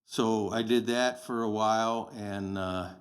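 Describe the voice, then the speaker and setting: Plain-spoken older man, low voice. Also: steady tone, measured pace, clean tone. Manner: plain-spoken, anecdotal, blunt. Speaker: podcast guest, sheriff candidate. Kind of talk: casual storytelling interview.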